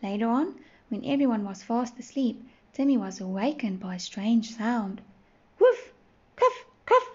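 A woman teacher reading a storybook aloud to toddlers, gentle and clear. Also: a little high. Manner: gentle, slow, clearly sounding out words. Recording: muffled, faint hiss.

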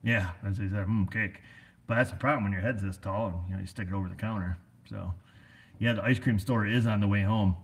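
Low husky-voiced folksy American man. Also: fairly even intonation, fairly quick. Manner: folksy, chatty, full of "you know" fillers. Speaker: auto repair shop owner. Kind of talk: casual rambling vlog chat. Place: his auto repair shop.

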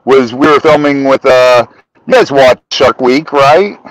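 A middle-aged man telling a story as a podcast guest, animated and profane, rising to shouts when he acts out arguments. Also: medium pitch, measured pace, no echo, rough recording. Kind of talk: storytelling in casual chat.

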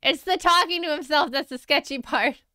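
A woman artist chats casually with her stream viewers as she draws, laughing easily and poking fun at herself. Her high voice has a sharp tone and is recorded on a close mic with no echo.

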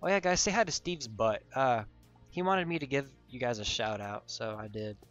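A man's voice: medium pitch, moderate pace, a bit bright, faint music behind. A young man giving goofy, rambling gameplay commentary as a gaming channel host, joking and losing his train of thought.

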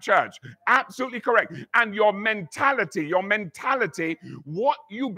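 A man's voice: sits high, sharp tone. A man preaching a sermon as pastor, telling a story and acting out the voices in it, with many repeated words. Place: church.

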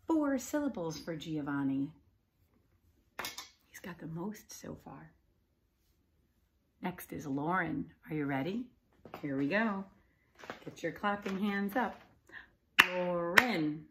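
A woman teacher giving a recorded lesson to young children, patient and encouraging, clapping out syllables and sometimes dropping to a soft whisper. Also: lowish voice, noisy background. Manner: slow, patient and encouraging, claps and taps out syllables.

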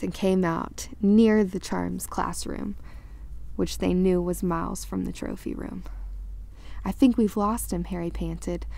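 Woman reading a storybook aloud, mellow. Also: lowish voice, creaky. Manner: lively read-aloud with small slips corrected. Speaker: audiobook reader. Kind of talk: storybook read-aloud narration.

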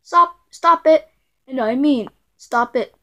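A woman voicing a quick-tempered female computer error that scolds the user, threatening and stammering as she goes. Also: sits high. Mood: angry scolding.

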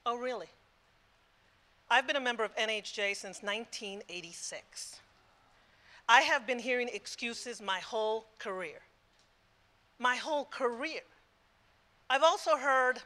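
Bright, emphatic woman speaker in her sixties. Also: on the high side, lively intonation, measured pace, pauses often. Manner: emphatic, repetitive, switching between English and Spanish. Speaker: conference speaker. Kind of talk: passionate live talk. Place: conference room before an audience.

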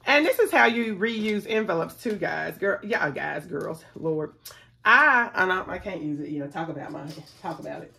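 Bright-voiced, chatty woman. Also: lowish voice, moderate pace, creaky, slightly rough. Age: middle-aged. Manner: chatty, excitable, talks to viewers as y'all. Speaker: budgeting vlogger. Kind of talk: casual savings challenge vlog.

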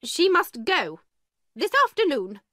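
A woman voicing a stern, cold, angry schoolmistress in a storybook reading, with a sharp, commanding manner. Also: big pitch swings, slow, no echo, studio quality, heavily acted. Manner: sharp, commanding, raised and higher.

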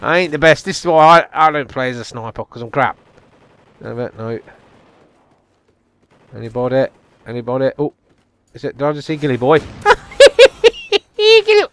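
A man giving live gameplay commentary, excitable and taunting his opponents, dropping to mutters and jumping to yelps. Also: medium pitch, normal speed, pauses often, slight background noise. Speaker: gamer.

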